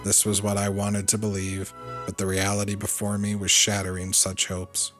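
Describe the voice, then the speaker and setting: Deep-voiced man reading a game's story. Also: monotone, moderate pace, a bit bright, faint music behind. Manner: earnest reading with occasional stumbles and asides. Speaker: let's play host. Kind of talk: reading game story text aloud.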